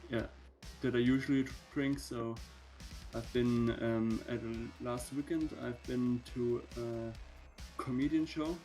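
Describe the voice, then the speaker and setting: Slow hesitant man on a video call. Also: medium pitch, steady tone, warm tone, faint music behind. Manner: hesitant, many fillers and restarts. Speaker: guest on a video-call date. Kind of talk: casual video-call chat.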